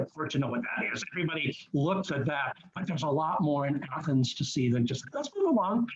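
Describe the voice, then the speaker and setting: A man's voice: fairly high pitch, sing-song, brisk, few pauses, lo-fi sound, slight background noise. A man hosting a group cruise webinar, chatty and enthusiastic, rambling with many restarts. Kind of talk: casual webinar presentation. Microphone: computer mic on a video call.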